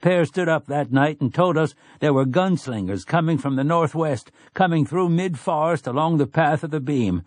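A man's voice: on the high side, moderate pace, hardly any pauses, a little mellow, dry recording, pitched above the performer's own voice, close to an everyday voice. A man voicing an earnest farmer father who addresses his town in solemn, plain country speech.

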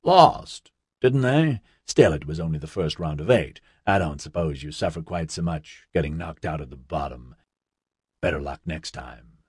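Smug aristocratic senator, amused and mocking, read by a male narrator. Low, husky, dry. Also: lively intonation, normal speed, a little mellow, no echo, full character voice. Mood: cheerful. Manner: amused, teasing, close to mockery.

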